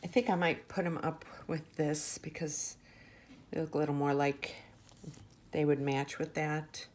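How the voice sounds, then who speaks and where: A woman's voice: deep voice, fairly even intonation, measured pace, darkish tone. A woman showing off her handmade jewelry in a casual vlog, chatty and gushing, with fillers and restarts. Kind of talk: casual show-and-tell vlog. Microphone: camera mic on a tabletop.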